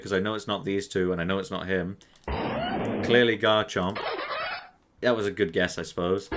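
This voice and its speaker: Young guy, lowish voice, cursing and self-mocking through a quiz; clear mouse clicks behind. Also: heavy background noise. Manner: swearing, self-mocking, thinking aloud. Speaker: quiz player. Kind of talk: casual gaming commentary.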